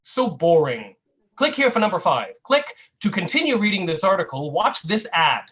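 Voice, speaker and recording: A man at an online open mic, reading a comic piece in a mock-earnest, satirical way and drawing out his deadpan asides. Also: high-pitched, moderate pace, muffled recording. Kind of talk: comic spoken-word reading.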